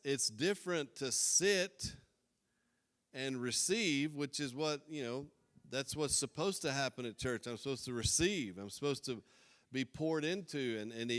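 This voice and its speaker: A man's voice: mid-range voice, fairly bright tone, long reverb tail. A middle-aged man preaching a sermon as a pastor, earnest and rambling, joking at his own expense. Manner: earnest, rambling, self-deprecating. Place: church sanctuary.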